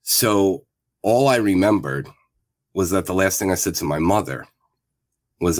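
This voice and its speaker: Man, 50s, very low voice, dry close sound, reflective personal storytelling. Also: animated, a little slow, no room sound. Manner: plain-spoken, reflective, with frequent fillers. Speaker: guest.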